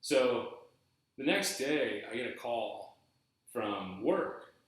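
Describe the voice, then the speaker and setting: A man's voice: medium pitch, slow pace, very echoey, rough recording. A man telling a story in a loose, rambling podcast monologue, full of fillers and restarts. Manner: rambling, animated, lots of fillers. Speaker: podcast host.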